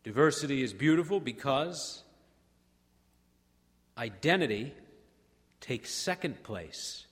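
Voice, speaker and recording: A man preaching a sermon as pastor, swinging between hushed, drawn-out phrases and rousing, repetitive build-ups. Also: mid-range voice, expressive. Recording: long hall reverb.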